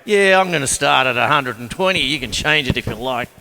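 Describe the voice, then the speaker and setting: A man's voice: mid-range voice, lively intonation, a little fast, creaky, bright, forceful tone. A man voicing a laid-back talking music app. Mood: breezy. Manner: casual, chatty. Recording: long hall reverb, faint drums.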